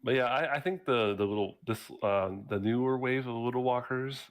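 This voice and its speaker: A man's voice: mid-range voice, normal speed. A young man co-hosting a casual gaming podcast, rambling through theories and laughing at his own stories. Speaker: podcast co-host.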